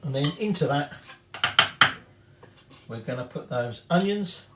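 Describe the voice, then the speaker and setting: A man talks through a recipe in a loose, chatty way, drifting off track, correcting himself and swearing in passing. His voice sits a little high for a man. The sound is roomy and echoey, with dishes and cutlery clattering clearly behind him. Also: expressive, a little slow, heavy background noise. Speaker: home cook presenting a recipe. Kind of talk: casual cooking demonstration. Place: home kitchen.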